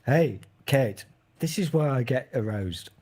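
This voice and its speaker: Man with a mellow voice on a call. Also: mid-range voice, expressive, unhurried. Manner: playful, trying out a New York accent. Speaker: video call participant. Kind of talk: casual chat. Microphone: video call.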